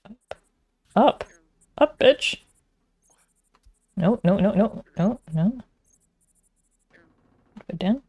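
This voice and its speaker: Woman, slow easy pace, low gravelly voice, casual gameplay commentary. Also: animated, dull audio. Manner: talks to herself, frustrated muttering and whispering. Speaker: streamer playing a game.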